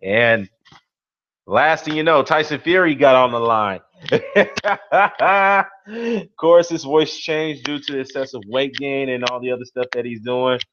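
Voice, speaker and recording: Man, boxing stream host, casual chatty commentary, fillers everywhere, mid-pitched, dull lo-fi audio. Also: moderate pace, a bit bright, a little hiss or hum. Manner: rambling, many "you know" and "man" fillers; reads and greets live chat. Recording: dull lo-fi sound.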